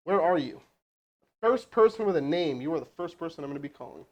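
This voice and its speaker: Over lo-fi sound, a man with a fairly high pitch talks fast. He makes a live cold sales call and then coaches his crew, casually and with lots of fillers and restarts, his manner energetic and rambling.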